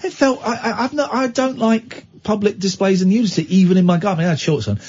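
A man hosts a casual radio chat show, his high voice quick, a little mellow, and breathy at the edges. He teases, gets sarcastic, and tells stories with lots of animation. The audio has a dull, lo-fi radio quality.

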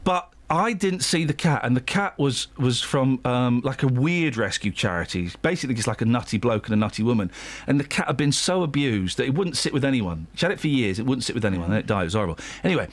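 A man's voice: medium pitch, animated, quick pace. A man hosting a casual radio show, telling a rambling story and teasing his co-hosts with mock outrage. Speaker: radio host. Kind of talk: casual studio banter. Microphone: studio microphone.

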